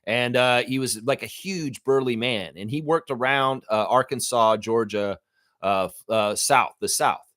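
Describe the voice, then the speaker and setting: A man hosting a live sports fan stream who rants about basketball in an animated, profane way. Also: medium pitch, measured pace, no echo, studio quality.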